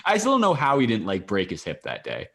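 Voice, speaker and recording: A man co-hosting a podcast, chatting casually with sarcastic jokes and quick laughs. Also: on the low side, huge pitch swings, gravelly, a bit bright. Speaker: podcast co-host. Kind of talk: casual chat.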